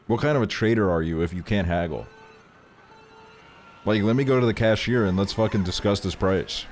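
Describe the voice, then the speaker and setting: A man's voice: fairly low pitch, moderate pace, a little hiss or hum. A young man streaming, chatting casually with his viewers, swearing often and sounding exasperated in a joking way. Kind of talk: casual chat.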